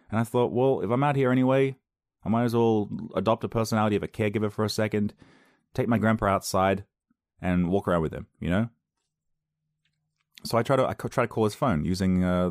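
Lively young man telling a story. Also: on the low side, a little fast, no echo, studio quality. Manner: animated storyteller acting out voices of others, self-mocking. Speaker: podcast host. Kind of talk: casual solo podcast storytelling. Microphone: podcast microphone on a loose cable at home.

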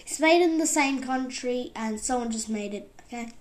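Excitable young woman with a high voice. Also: moderate pace. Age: about 20. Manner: excitable, swings between loud outbursts and whispers. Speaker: vlogger. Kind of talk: casual rambling vlog.

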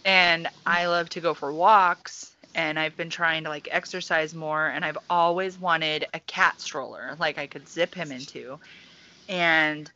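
A young woman tells everyday stories on a casual podcast, swearing freely and throwing herself into every detail. Her voice is bright and sits a little low. The recording sounds dull and lo-fi. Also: unhurried. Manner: profane, animated storytelling. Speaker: podcast co-host. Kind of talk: casual chat.

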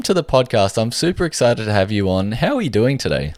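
A man's voice: on the low side, very animated, a little fast, hardly any pauses, a little mellow, no room sound. A man with an Australian accent hosting a podcast interview, upbeat and chatty with some hesitations. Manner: upbeat, hesitant with fillers in chat. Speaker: podcast host.

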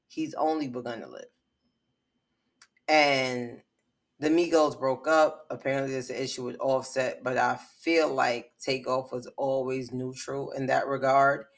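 A woman's voice: very deep voice, fairly even intonation, normal speed, vocal fry. A woman vlogger giving frustrated, impassioned commentary on a news story, speaking bluntly and swearing.

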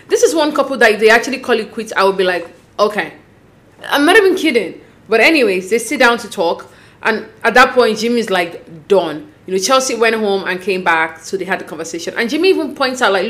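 A woman's voice: a little high, brisk. Chatty woman recapping a reality show. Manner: chatty, animated retelling with quoted dialogue. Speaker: recap host. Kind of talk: casual recap chat.

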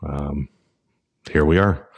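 A man with an extremely low, deep voice tells a long personal story on his podcast. He rambles, circles back and fills pauses with "um" and "uh". He sounds like he is in his forties. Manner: rambling, many fillers and restarts. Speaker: podcast host. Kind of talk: casual storytelling.

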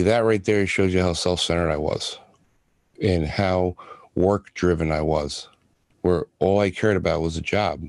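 A man in his thirties telling his own hard story, halting and restarting often. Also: sits low, darkish tone, dry recording. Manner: halting, with many restarts and fillers. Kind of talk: personal testimony.

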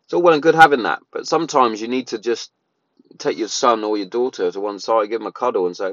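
Dad, 30s, lower voice, casual rambling monologue with lots of fillers; muffled, dead-dry recording. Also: male voice, fast, fairly bright tone, no echo. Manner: rambling, many restarts and fillers. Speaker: parent sharing opinions.

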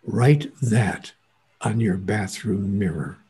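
A man's voice: fairly low pitch, lively intonation, slow pace, warm tone. A man acting as a spiritual teacher, telling a story and stressing points with emphatic repetition. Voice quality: husky, gravelly. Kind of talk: lecturing in conversation.

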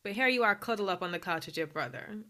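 A woman's voice: mid-range voice, fast talker. A woman co-hosting a podcast, chatting casually as she recaps a reality show, often laughing and acting out what people said. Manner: animated, laughs often, acts out quotes. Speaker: podcast co-host.

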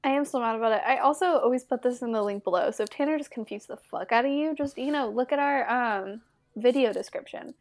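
A woman's voice: fairly high pitch, fast. A young woman co-hosting a podcast in casual chat, teasing and laughing often. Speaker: podcast co-host.

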